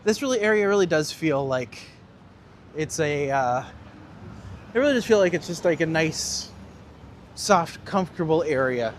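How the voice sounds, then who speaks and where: High-voiced chatty man on a live walk. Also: animated, normal speed, pauses often, slight background noise. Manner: chatty and jokey, answering live chat while walking. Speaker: walking tour guide and livestream host. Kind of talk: live walking-tour stream, chatting with viewers. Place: outdoors on city streets.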